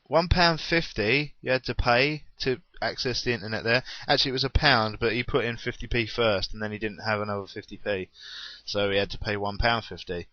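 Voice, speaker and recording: A man's voice: on the low side, fairly quick, hardly any pauses, dry recording, muffled recording. A young man chatting unscripted in a rambling, self-deprecating way on his gaming vlog. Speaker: gaming vlogger.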